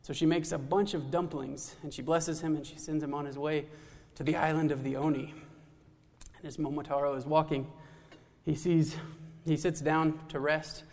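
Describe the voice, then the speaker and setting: A man retelling a folktale in a loose, casual way, full of restarts and little asides. His slightly high voice has a gravelly texture, and it sits in a long, echoing hall reverb. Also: level tone, moderate pace, a little mellow. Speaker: storyteller.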